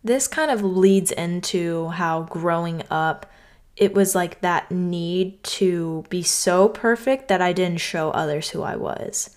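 A woman's voice: lowish voice, takes it slowly, a little mellow. A young woman from North Carolina hosting her own podcast, talking earnestly and conversationally, often saying "like". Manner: earnest, conversational, heavy use of "like". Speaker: podcast host. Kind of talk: reflective solo podcast talk.

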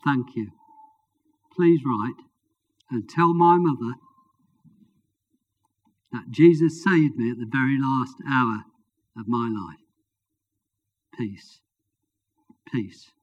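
A man's voice: medium pitch, takes it slowly, long pauses, natural voice. A preacher voicing a weak, dying young man. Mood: weak, pleading. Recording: dull lo-fi recording.

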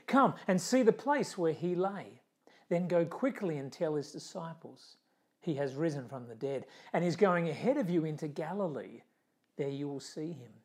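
A pastor delivers a sermon with emphatic, dramatic phrasing. He builds up on key lines, then drops to a near hush. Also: a little high.

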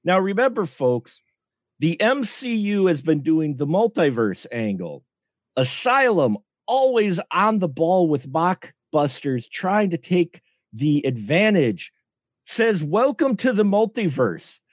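A man co-hosting a podcast, explaining things in an animated, emphatic way in casual chat. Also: on the high side, slow, dry recording, studio quality. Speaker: podcast co-host.

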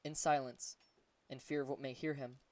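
A man reading a storybook chapter aloud in calm, gentle narration. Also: medium pitch, normal speed, no echo, distant mic. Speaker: audiobook narrator. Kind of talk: scripted narration.

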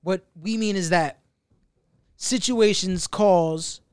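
Dude on a podcast, blunt and swears nonstop, bit higher voice, dry close mic. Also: male voice, slow pace, darkish tone, smooth, no echo. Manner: blunt, profane, rambling. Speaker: podcast co-host. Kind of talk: casual chat.

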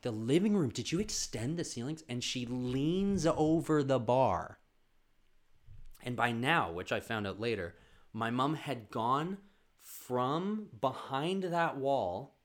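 Young male podcast comic, casual rambling storyteller, heavy swearing, average pitch. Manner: profane, rambling, fast bursts.

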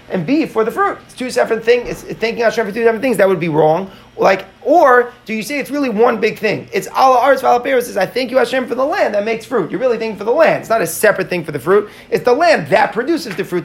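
A high-voiced man teaches a live Talmud class to students in California, asking questions and explaining step by step. Now and then he stumbles and restarts.

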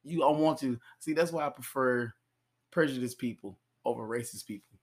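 Man co-hosting a comedy podcast, lively and profane, mid-range voice. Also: mid-range voice, moderate pace. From Georgia, US South. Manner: animated, profane, laughs often. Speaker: podcast co-host. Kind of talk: casual comedic podcast chat.

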